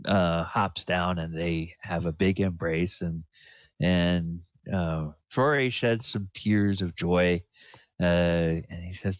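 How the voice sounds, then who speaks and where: A man narrating a tabletop game as dungeon master, halting with many fillers. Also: low voice, steady tone, no room sound. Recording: dull dry lo-fi recording.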